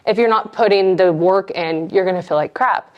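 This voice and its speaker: Earnest young woman guest, relaxed talk. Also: mid-range voice, normal speed, dull audio. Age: young adult. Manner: relaxed, earnest, repeats phrases. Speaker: podcast guest. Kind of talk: casual chat.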